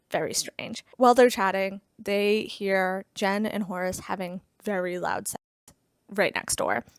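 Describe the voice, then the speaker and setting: A woman's voice: medium pitch, a little slow, no echo, studio quality. A woman giving a casual, chatty plot recap as a book reviewer, full of "like" fillers and wry asides.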